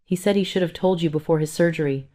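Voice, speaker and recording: A tearful grown daughter begging her angry mother for mercy, read by a woman. Her low voice pleads softly in this audio storybook. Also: quick pace, lightly acted.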